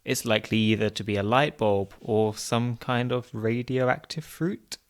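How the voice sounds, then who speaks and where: A man hosting a podcast, reading scripted narration in a clear, measured way with light humour. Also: mid-range voice. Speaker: podcast host.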